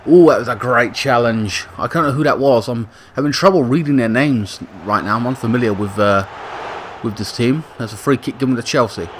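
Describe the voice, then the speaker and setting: A man giving casual play-by-play commentary on a football video game, with excited bursts on attacks and chatty self-corrections. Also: mid-range voice, fairly quick, slight background noise. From Britain. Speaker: gaming YouTuber commentating a football sim.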